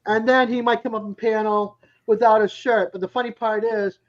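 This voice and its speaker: Chatty high-voiced man, Boston accent. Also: steady tone, normal speed. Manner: chatty, laughs often. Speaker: live stream panelist. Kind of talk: casual chat. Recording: dull lo-fi stream audio.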